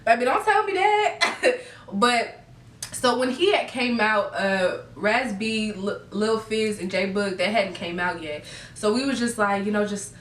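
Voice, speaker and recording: A woman's voice: medium pitch, a bit bright. A young woman, gushing and giggling as she tells her viewers a story in a casual vlog. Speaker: vlogger. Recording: echoey room, a bit far from the mic.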